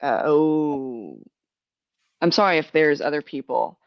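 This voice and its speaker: A woman's voice: low-pitched, slow, no room sound. Chatty, laughing woman podcast host. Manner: chatty, laughs often, swears freely. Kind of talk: casual podcast chat. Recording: dry, dull lo-fi sound.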